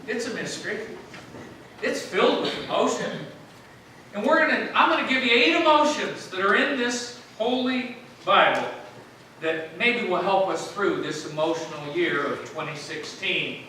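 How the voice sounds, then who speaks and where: A man's voice: high voice, lively intonation, moderate pace, pushed and bright, slight background noise. A man preaching a sermon to his congregation in a chatty, joking way, often asking them questions. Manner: chatty, jokey, keeps quizzing the congregation. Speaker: pastor. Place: church sanctuary. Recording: very echoey church, mic at a distance.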